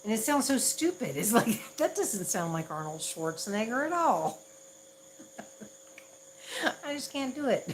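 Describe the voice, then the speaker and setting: A woman's voice: fairly high pitch, big pitch swings, a little slow, long pauses, slight background noise, poor audio. A woman from the Southern United States with a Southern accent, chatting casually on a livestream and laughing at herself often. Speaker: ASMR livestream host.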